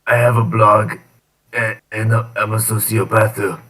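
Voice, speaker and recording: Deadpan trolling man, distant and low. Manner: deadpan, trolling, halting with many uhs. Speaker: guest. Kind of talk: casual live-stream banter.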